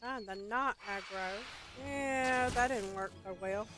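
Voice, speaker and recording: A woman's voice: on the high side, slow, over music. An older woman streaming a game, chatting casually and greeting viewers as darling and sweetheart. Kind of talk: casual gameplay chat.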